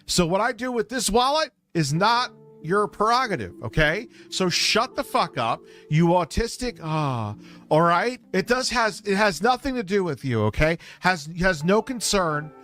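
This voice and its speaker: A man's voice: high-pitched, big pitch swings, unhurried, fairly bright tone, soft background music, pitched above the performer's own voice, exaggerated voice. A man putting on a mocking impression of a whiny, angry young male streamer, with an exaggerated whine. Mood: mocking rant.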